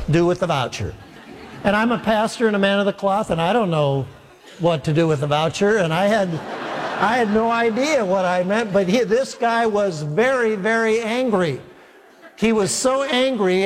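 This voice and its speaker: Pastor telling a funny story in a hall. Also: male voice, high-pitched, a little mellow. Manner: humorous, self-mocking anecdote with acted dialogue. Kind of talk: sermon storytelling.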